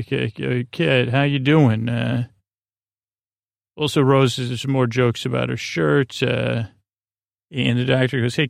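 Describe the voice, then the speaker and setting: Gravelly flat-voiced man recapping drowsily. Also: no echo, clean studio sound. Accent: Upstate New York. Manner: halting, many "uh"s and restarts, low-key. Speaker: podcast host. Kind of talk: sleepy recap of a TV episode.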